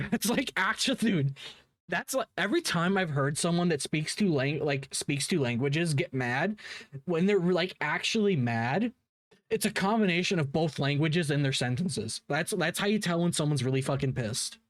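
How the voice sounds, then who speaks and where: A man's voice: fairly high pitch, lively intonation, normal speed, a bit bright, no room sound. Profane young man giving casual commentary. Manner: rambling and profane, with frequent restarts and laughs. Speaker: drama commentary host.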